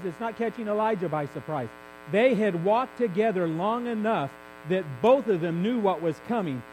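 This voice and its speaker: Man, high voice, candid conversational preacher, faint mains hum behind. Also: moderate pace, darkish tone, low-quality recording. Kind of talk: sermon.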